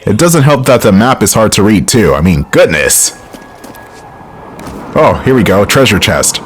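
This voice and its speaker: A man's voice: lowish voice, animated, measured pace, soft background music. A man hosting a let's play, giving casual, joking gameplay commentary full of rambling tangents.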